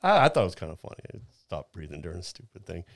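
Lowish-voiced man in his fifties, rambling. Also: huge pitch swings, very fast, creaky, dry recording, studio quality. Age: 50s. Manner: rambling storyteller, laughs at himself, many restarts. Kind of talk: casual chat.

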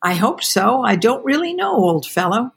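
A woman voicing a calm male army colonel who speaks gently, read from a novel. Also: on the high side, normal speed, vocal fry, husky, exaggerated voice. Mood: gentle. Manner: gentle, steady.

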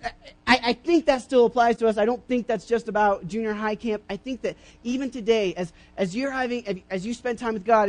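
Chatty young man preaching casually. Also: extremely high pitch. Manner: chatty and rambling, many restarts and fillers; acts out voices with sudden loud bursts. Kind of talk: casual sermon with personal stories. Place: church.

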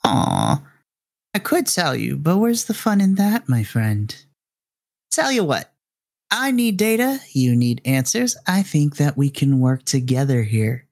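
A man voicing a sly, taunting male villain in a tabletop game, his pitch swinging up high. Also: sing-song, unhurried, vocal fry, darkish tone, heavily acted. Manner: sly, teasing, theatrical. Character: smooth, taunting male villain, scientist father.

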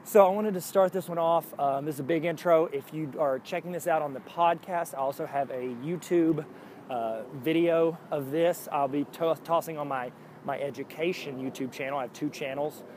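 A man's voice: fairly high pitch, fairly even intonation, moderate pace, darkish tone, slight background noise. A man hosting his own podcast, talking casually in a jokey, rambling way and restarting often to poke fun at himself. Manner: jokey, upbeat. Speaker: podcast host. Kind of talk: casual solo podcast monologue.

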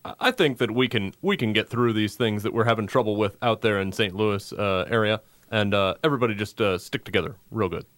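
A folksy, unhurried politician voice, as a man puts it on in a comedy bit, low and halting, stacking pauses and fillers between phrases. The tone comes out smooth and clear. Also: a bit bright, dry recording, close to an everyday voice. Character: male politician impression, halting folksy speech.

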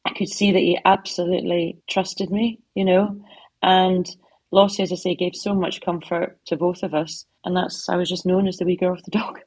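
A woman's voice: on the low side, flat delivery, moderate pace, breathy edge, dry recording. A middle-aged woman telling heartfelt stories as an author in an interview, speaking from her home office. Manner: heartfelt storytelling with soft asides. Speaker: author guest. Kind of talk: conversational interview answers.

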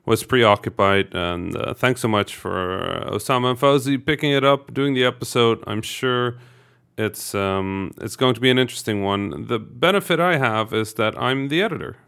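A man's voice: medium pitch, creaky, clean tone. A man who co-hosts and edits a podcast, talking casually with many fillers. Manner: relaxed, halting with many fillers. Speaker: podcast co-host and editor. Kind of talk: casual chat.

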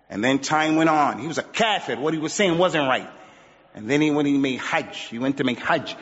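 A male preacher giving an emphatic sermon, repeating his points and building to near shouts. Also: sits high. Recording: dull sound with long hall reverb.

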